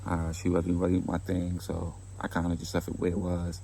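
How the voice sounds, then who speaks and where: A man telling a story in a laid-back, conversational way, with a gravelly voice. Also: deep voice, completely flat delivery, normal speed, dark tone, a little hiss or hum. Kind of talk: casual storytime narration.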